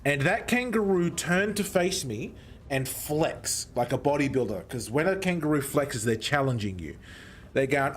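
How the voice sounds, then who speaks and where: A young man recounts a wild story in a loose, animated way, swearing freely. His voice sits a little on the high side for a man. The delivery is relaxed and chatty, like a streamer talking to his audience. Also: moderate pace. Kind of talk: casual storytelling.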